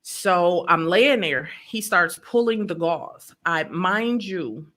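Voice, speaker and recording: A woman's voice: lowish voice, takes it slowly, a bit bright. A woman telling a personal story in an emotional, vivid way, acting out what people said. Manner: vivid storyteller who acts out quotes. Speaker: podcast guest telling her story.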